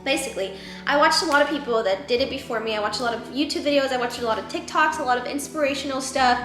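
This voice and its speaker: In a reverberant space over music, a woman in her twenties who runs a boutique gives a tearful, heartfelt pep talk. She talks quickly in a high voice, rambling and cracking with emotion, leaning heavily on "like" and "you know."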